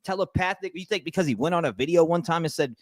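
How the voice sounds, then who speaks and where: A man's voice: fairly high pitch, fast, dry recording. A man hosting a live stream, ranting with heated, profane, rambling talk full of restarts and answering chat. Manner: reads and answers chat messages.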